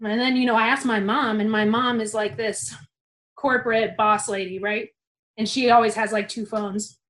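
Animated young woman telling a story. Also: on the high side, moderate pace, low-quality recording. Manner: animated, casual, swears freely. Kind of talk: personal storytelling.

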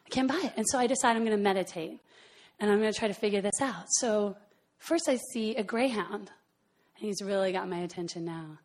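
A woman telling a personal story in an animated way, often laughing between phrases. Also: medium pitch, a little fast. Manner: animated, laughs often, lots of fillers and asides.

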